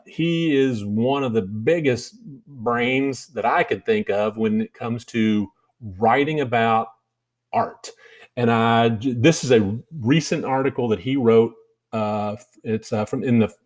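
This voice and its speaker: A man's voice: fairly low pitch, a little mellow. A man with a Kentucky drawl giving a casual art lesson over slides, rambling with many fillers and restarts. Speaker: art teacher.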